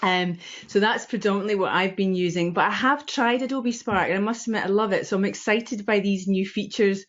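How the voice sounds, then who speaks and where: A woman's voice: mid-range voice, brisk, few pauses. Enthusiastic Scottish woman on a web call. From Scotland. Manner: enthusiastic, emphatic. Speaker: guest on a live stream. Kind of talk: casual chat. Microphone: video call microphone. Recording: dull, lo-fi web call audio.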